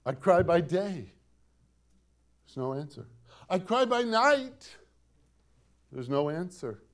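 A man preaching a sermon as pastor, quoting scripture dramatically, with repetition and rhetorical questions to the congregation. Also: high voice. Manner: dramatic, quotes scripture with rising emphasis and repetition.

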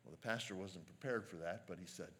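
Deep-voiced male pastor preaching. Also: a bit bright. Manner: earnest, measured preaching with slow emphatic quotes. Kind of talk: sermon.

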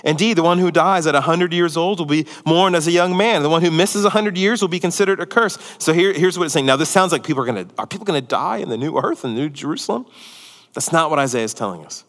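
A pastor preaching a sermon, a man who swings between loud, excited emphasis and hushed, near-whispered lines. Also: a little high, fast, big-room sound.

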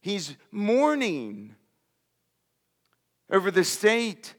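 A pastor preaching in a slow, deliberate way, his voice sitting high for a man. He leans on key words with earnest emphasis. The long reverb of a church hall trails after each phrase. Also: animated, bright, forceful tone. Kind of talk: sermon.

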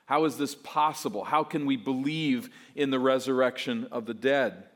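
A pastor preaching an expository sermon, emphatic and voicing imagined objections. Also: male voice, medium pitch, normal speed, fairly bright tone. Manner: emphatic, voices mock objections.

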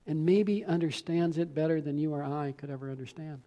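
A male preacher delivers a sermon in an earnest storytelling manner. His voice sits fairly high, and he often repeats words as he goes. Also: fairly quick, hardly any pauses, mellow.

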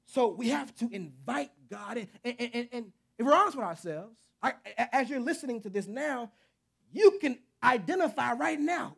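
This man's very high voice is gravelly, slightly rough, and a bit bright, with lively intonation at a normal speed. Preaching a sermon, he is earnest and conversational, using repetition that climbs to emphatic peaks.

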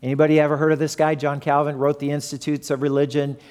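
A man's voice: a little high, level tone, fast, darkish tone, clean tone. A man preaching a conversational sermon as pastor, asking his listeners questions. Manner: conversational, asks the audience questions. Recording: long hall reverb.

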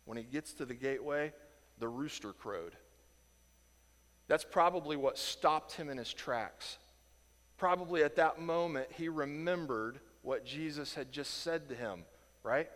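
Guy from indiana teaching bible stuff, fairly high voice, acts out the characters, long echo off the hall. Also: a little slow. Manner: animated, acts out quoted voices, chuckles.

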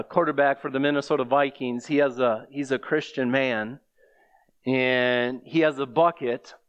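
A man's voice: mid-range voice, a bit bright, clear, resonant tone, lo-fi sound. A man preaching a sermon, reading scripture aloud and pressing the listeners with rhetorical questions. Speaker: pastor.

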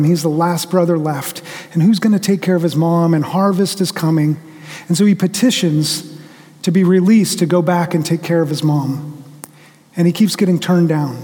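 A middle-aged man delivers a sermon in a fairly high, mellow voice, telling stories and acting out the lines of the people in them. His voice carries with a long reverb, as if heard in a church sanctuary. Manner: storytelling preacher who acts out quotes. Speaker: pastor.

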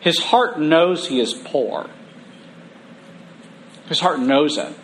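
Conversational preacher, man with a higher voice. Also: fairly bright tone, slight background noise. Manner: conversational, humorous, slows for emphasis. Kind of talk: sermon.

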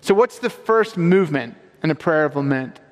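A man delivers a sermon with a high-pitched voice and an earnest, emphatic manner. His questions climb upward as he presses each point. The sound rings out with the long reverb of a large hall. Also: lively intonation, normal speed. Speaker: pastor.

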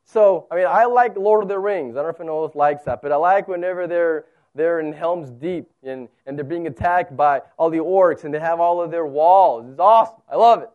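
A man's voice: a little high, a little fast, hardly any pauses, phone-quality sound. A man preaching a sermon in an earnest way, explaining scripture plainly, with his voice swelling and dropping. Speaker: pastor. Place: church service held in a zoo venue.

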